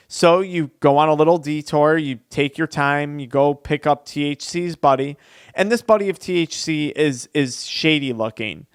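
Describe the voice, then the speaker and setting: Earnest guy telling a story to his channel, dry close sound, slightly high voice. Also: clean tone, no room sound. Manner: earnest, conversational. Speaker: addiction recovery coach. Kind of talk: personal storytelling vlog.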